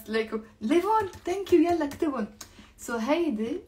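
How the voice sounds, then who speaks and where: A woman with a Lebanese accent leads a live online Arabic lesson over a video call. Her voice sits a little high, and she switches between English and Arabic. She slows right down when modeling words for her students. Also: sing-song. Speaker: Arabic teacher.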